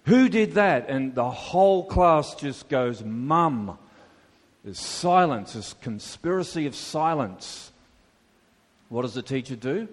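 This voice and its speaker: A man preaching a sermon, conversational, with many rhetorical questions to the congregation. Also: a little high. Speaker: pastor. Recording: long hall reverb.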